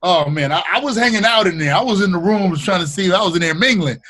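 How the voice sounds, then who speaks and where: A man from the Bay Area, a radio host, chatting as a podcast guest in slangy, animated storytelling style, acting out what people said. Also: high-pitched, fast. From Bay Area, California. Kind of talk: casual interview chat.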